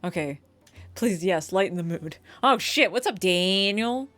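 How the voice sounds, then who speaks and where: A woman's voice: lowish voice, animated, measured pace, a bit bright, faint music behind. A woman with a New York accent, streaming a game, reading its text aloud and reacting emotionally, swearing freely.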